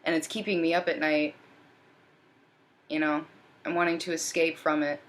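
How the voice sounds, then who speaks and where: A woman's voice: deep voice, level tone, normal speed, natural voice. A woman voicing a pleading, anxious man in the first person during a tarot reading, repeatedly begging for help.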